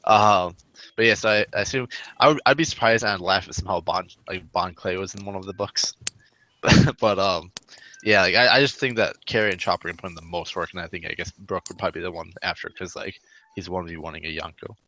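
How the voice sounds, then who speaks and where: Male co-host, slightly low pitch, bright edge, rambling casual call chat. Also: steady tone, brisk. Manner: rambling, many fillers and restarts. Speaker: podcast co-host. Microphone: computer mic on a voice call.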